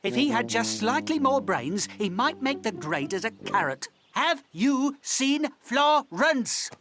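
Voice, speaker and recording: A woman's voice: on the high side, big pitch swings, slow, a crowd in the background. A woman voicing a grumpy, pompous male dog turned into a snail in a cartoon, huffy and exasperated. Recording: music playing underneath.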